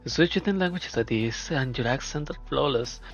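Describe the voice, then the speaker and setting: A man voicing a shrewd, flamboyant female film producer who talks in a smooth, probing, flattering way. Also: medium pitch, fairly quick, lightly acted. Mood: coaxing. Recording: dull lo-fi, faint music.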